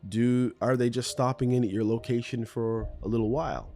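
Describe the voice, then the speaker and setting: A man's voice: mid-range voice, steady tone, fairly quick, warm tone, faint music behind. A man hosting a solo podcast, talking in a rambling, conversational and self-deprecating way in his morning voice. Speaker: podcast host.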